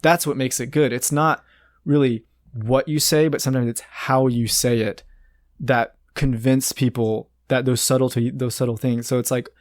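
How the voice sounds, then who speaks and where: A young American man in his twenties, chatting casually and telling rambling, animated stories full of fillers. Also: medium pitch, dry recording, studio quality. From United States. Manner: rambling, animated storyteller with many restarts and "like" fillers. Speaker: guest. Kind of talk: casual storytelling chat.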